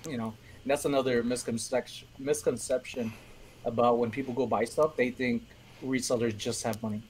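A man's voice: medium pitch, fairly even intonation, a little fast, darkish tone, slight background noise, low-quality recording. A man co-hosting a casual stream who tells a story and acts out the dialogue within it. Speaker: reseller co-host. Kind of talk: casual anecdote.

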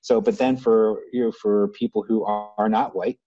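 A man's voice: on the low side, fairly even intonation, moderate pace, warm tone, no room sound, dull audio. An American man talking through his views in a loose, reflective way, with many restarts and fillers. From United States. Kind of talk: casual conversation.

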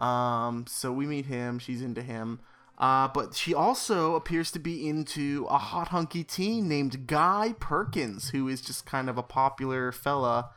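Slow, rambling man recapping a film. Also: mid-range voice, a bit bright. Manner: rambling, filler-heavy with many "like"s; wry, sarcastic asides. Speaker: podcast co-host. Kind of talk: casual film recap chat.

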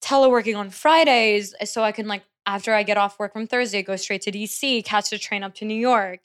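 A young woman musician talking as a podcast guest. She is blunt, profane and animated in how she tells her story. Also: mid-range voice, a little fast. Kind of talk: casual podcast interview.

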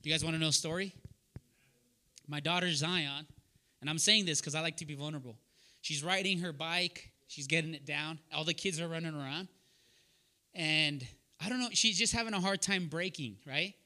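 A man's voice: on the high side, moderate pace, pushed and bright. A man preaching a sermon to a young adults group, earnest and direct, telling personal stories and calling on listeners by name. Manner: calls on listeners by name and asks them questions. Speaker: preacher leading a young adults Bible study.

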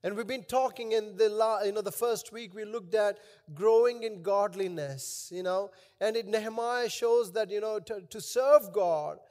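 A man's voice: high-pitched, normal speed, darkish tone. A male pastor preaching and praying in an emotional, prayerful way, repeating his phrases. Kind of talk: sermon with prayer.

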